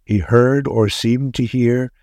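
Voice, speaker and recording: A man narrating a wartime tale in a measured, grave storytelling manner. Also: mid-range voice, steady tone, a little mellow, dry recording, clean studio sound.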